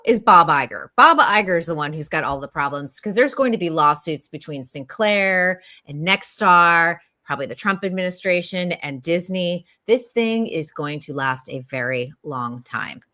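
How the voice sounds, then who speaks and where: A woman's voice: on the low side, expressive, moderate pace, hardly any pauses, sharp tone. A woman co-hosting a casual panel chat, explaining things in a confident, matter-of-fact way. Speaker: co-host.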